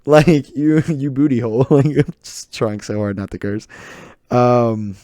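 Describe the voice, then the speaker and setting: A man's voice: mid-range voice, fairly even intonation, a little slow, warm tone, dry recording, studio quality. A teenage boy with a Southern US accent, rambling through a solo podcast, laughing often and poking fun at himself. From southern United States. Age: teens. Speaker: podcast host. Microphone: desk mic, close.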